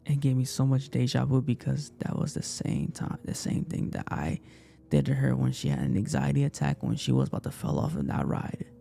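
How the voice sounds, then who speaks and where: A young man retelling a personal story in an emotional, halting way, repeating himself often. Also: mid-range voice, sing-song, creaky, warm tone, faint music behind. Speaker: casting participant.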